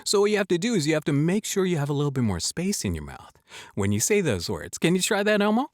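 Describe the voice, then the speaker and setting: A man's voice: on the high side, big pitch swings, fast talker, dry recording, clean studio sound. A man hosting a casual voice tutorial, joking around and demonstrating sounds aloud as he explains. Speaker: voice-over coach and show host.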